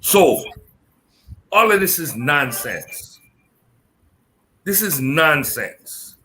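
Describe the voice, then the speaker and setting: Man, co-host, emphatic, insistent, unhurried delivery, bright tone. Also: fairly high pitch, big pitch swings. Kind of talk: casual panel discussion.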